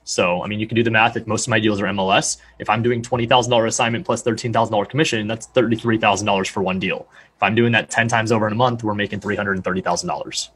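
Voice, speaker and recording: A man's voice: on the low side, fairly even intonation, rapid-fire, fairly bright tone, slightly rough. A young man, a real estate agent, explaining his deals in a confident, salesy way during a podcast interview. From Arizona, USA. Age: young adult.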